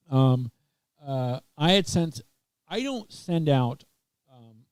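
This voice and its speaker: Male podcast host, mellow slightly raised voice, talks in halting, restart-filled anecdotes, dry mic. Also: a little high, very animated, clean tone, dry recording. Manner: rambling storyteller with many fillers and restarts. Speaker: webcast host. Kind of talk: casual chat. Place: Texas.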